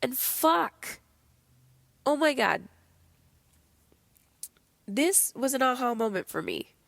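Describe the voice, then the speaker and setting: A woman's voice: high-pitched, takes it slowly, gravelly, dry recording. Blunt, swearing woman podcaster. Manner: blunt, profane, animated. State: sick, low energy. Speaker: podcast host. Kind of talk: candid motivational monologue.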